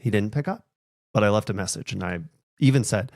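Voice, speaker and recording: Gravelly low-voiced man telling a story. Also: expressive, fairly quick, darkish tone, no echo, clean studio sound. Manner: reflective storytelling, emotional at times. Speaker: podcast host. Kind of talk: casual podcast conversation.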